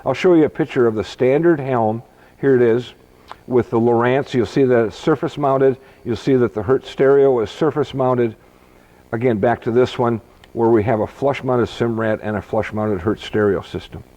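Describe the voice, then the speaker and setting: A man's voice: medium pitch, normal speed, dark tone, highs cut off. Chatty man showing off a boat. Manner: chatty, folksy, jokes and laughs easily. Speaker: boat salesman. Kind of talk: product walkthrough. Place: boat dealership.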